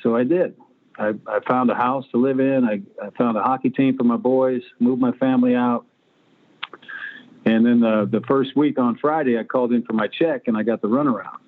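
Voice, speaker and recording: A man's voice: medium pitch, steady tone, normal speed. A man in his sixties, a guest on an interview show, telling stories in a blunt, profane way. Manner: blunt, profane anecdotes with acted-out quotes. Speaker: guest, former pro quarterback. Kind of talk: storytelling interview. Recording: phone-like line.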